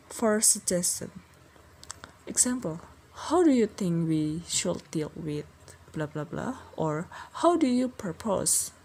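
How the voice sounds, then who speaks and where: Give me a young woman presenting a scripted workplace training at a very unhurried pace, calm and methodical as she lists sample phrases. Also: on the low side, a little hiss or hum. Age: young adult. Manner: measured, reads example phrases as a list. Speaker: trainer playing a company department head. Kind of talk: scripted role-play presentation.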